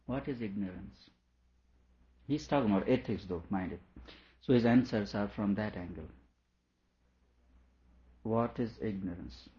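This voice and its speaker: Male teacher, low voice, reads a text and explains it, muffled recording. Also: measured pace, long pauses, dark tone. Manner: reads a passage aloud, then comments on it with small laughs. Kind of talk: reading and explaining a philosophical text.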